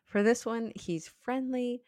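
A woman co-hosting a casual podcast, joking playfully and reacting quickly. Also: on the high side, dark tone, no echo, studio quality. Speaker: podcast co-host.

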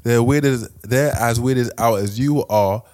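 A man's voice: mid-range voice, slow pace, a little mellow. A young man, chatting casually on a podcast with wry, teasing interjections. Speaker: podcast co-host. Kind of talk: casual chat.

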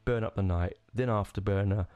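A man hosts a podcast by himself, rambling enthusiastically and restarting his sentences often. His voice is low-ish, mellow, and smooth at a fairly quick pace, with a muffled recording and soft music in the background.

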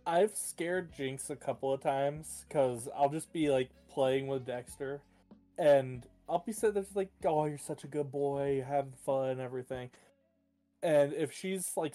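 Laid-back male, warm low-toned chat, playful anecdotes, faint music bed. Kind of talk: casual chat.

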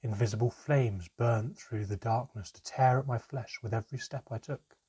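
A man narrating a storybook chapter in a steady, measured reading. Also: mid-range voice, breathy edge.

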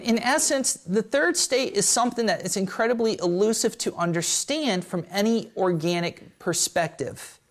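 A man with a gravelly, creaky edge to his voice, teaching a seated group in a blunt, irreverent way. His pitch swings widely as he jokes, swears and acts out little voices to make his points. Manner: blunt, joking, peppered with swearing; animated, acting out voices in quotes. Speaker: spiritual teacher. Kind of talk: live talk to a seated group.

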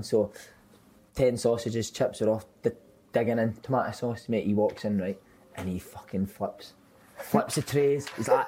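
A man's voice: fairly low pitch, normal speed, mellow, slight background noise. A man, a podcast host telling swearing-filled football stories with lots of laughter. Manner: swearing, laughing, says "mate" often. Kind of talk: casual chat, storytelling.

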